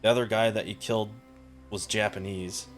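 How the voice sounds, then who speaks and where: A man's voice: lowish voice, steady tone, brisk, faint music behind. A man narrating a tabletop role-playing game as game master, in a loose, rambling way with fillers.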